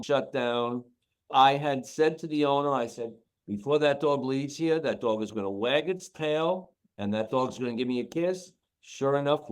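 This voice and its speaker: A man who trains dogs, guest on a podcast, talking casually and emotionally, repeating himself for emphasis. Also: mid-range voice. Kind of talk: casual interview talk.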